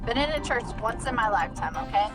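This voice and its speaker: A woman's voice: on the high side, animated, quick pace, distant mic. A young woman in casual chat with friends, swearing casually and laughing through her stories. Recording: off-mic voice with clear music behind.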